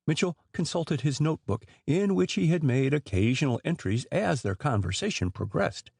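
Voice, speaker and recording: A man narrating a mystery novel as an audiobook reader, in a measured storytelling way. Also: on the high side, expressive, vocal fry, darkish tone, breathy edge, no echo, clean studio sound.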